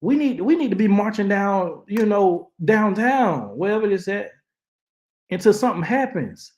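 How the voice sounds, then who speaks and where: A man hosts a casual commentary stream. His voice sits a little high, and he talks in an impassioned, preaching way, often stumbling and restarting mid-sentence. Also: big pitch swings, normal speed, a little mellow, roomy sound. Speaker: channel host reacting to news.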